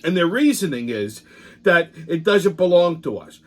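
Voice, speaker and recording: A man's voice: high voice, very animated, moderate pace, a bit bright. A man hosting a weekly political commentary show, ranting in a profane, heated, sarcastic way, rambling and restarting his sentences.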